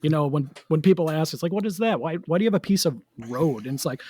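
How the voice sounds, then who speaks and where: A man's voice: a little high, animated, quick pace, warm tone, no echo. A man from Wisconsin, a guest author and researcher, telling chatty anecdotes with self-mocking humor.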